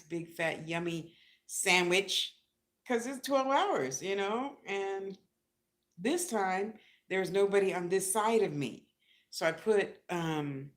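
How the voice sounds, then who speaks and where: A woman vlogging in a casual, chatty way, telling a long personal story with lots of asides and lively retellings. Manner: chatty, animated, acts out others' lines in a high squeal.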